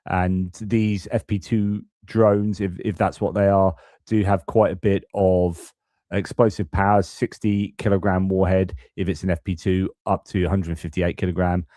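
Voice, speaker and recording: Mellow, low-voiced man hosting live news. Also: no echo, studio quality. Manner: casual, thinking aloud over footage. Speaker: host. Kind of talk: live-stream news commentary.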